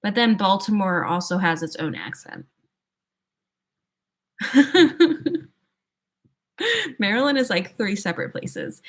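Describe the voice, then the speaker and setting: Giggly young woman chatting on a livestream. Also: mid-range voice. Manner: chatty, giggly, thinks aloud with many "like"s. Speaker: livestream host. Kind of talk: casual chat answering viewers.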